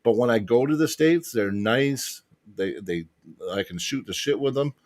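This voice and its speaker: A man's voice: mid-range voice, lively intonation, moderate pace. A Canadian man hosting a casual podcast chat, ranting animatedly and swearing freely. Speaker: podcast host.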